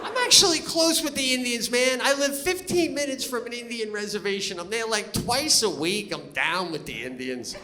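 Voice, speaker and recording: A man's voice: extremely high pitch, expressive, moderate pace, hardly any pauses, noisy background. A man performing stand-up comedy on a theater stage, telling stories animatedly and acting out the voices of people he meets. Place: theater stage before a live audience. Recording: live hall with long reverb. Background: audience laughter.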